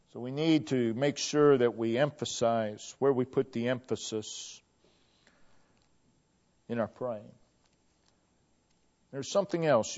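A middle-aged pastor with a darkish male voice preaches a sermon earnestly, repeating key phrases, swelling to emphatic peaks and then dropping low. It sounds like a dull lo-fi church recording.

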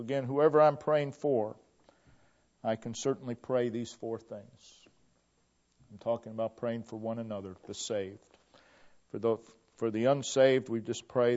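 A middle-aged pastor preaching a sermon in an earnest way, repeating key phrases, swelling to emphatic peaks and then dropping low. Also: male voice, mellow. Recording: dull lo-fi church recording.

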